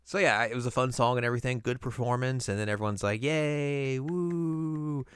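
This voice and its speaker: A man's voice: medium pitch, flat delivery, a bit bright, clean tone, no room sound, clean studio sound. A man co-hosting an anime podcast, casually recapping an episode and playfully acting out the characters' lines. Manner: playful, acts out characters' lines in quick put-on voices.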